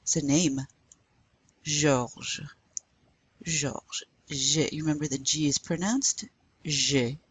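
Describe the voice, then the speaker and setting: A woman's voice: low-pitched, steady tone, slow pace, long pauses, husky. A woman teaching a recorded French lesson, spelling words letter by letter and drilling pronunciation patiently. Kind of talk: recorded online lecture.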